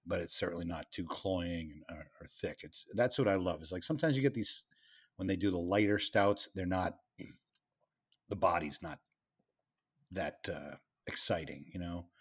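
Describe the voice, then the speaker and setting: Deep-voiced man in relaxed beer chat. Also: slightly rough. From Worcester, Massachusetts. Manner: relaxed, halting, lots of uh fillers. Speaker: podcast co-host. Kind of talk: casual chat.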